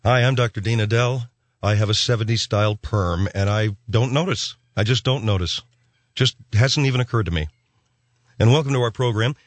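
A man's voice: on the low side, normal speed, no echo, lightly acted. A man putting on the voice of a smug, oblivious radio doctor hosting his show. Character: mock radio doctor host, smug middle-aged man.

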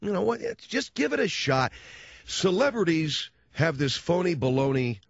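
Lively, sarcastic male radio host. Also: a little high, moderate pace, dry recording, muffled recording. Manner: animated, sarcastic storytelling with frequent restarts. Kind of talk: comic monologue rant.

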